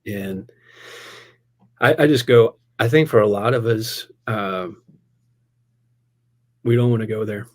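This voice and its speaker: This pastor, fairly low-pitched, takes his time and leaves long pauses while telling a personal story on a casual podcast. He's animated and quick to laugh, peppering his speech with "man" and "dude."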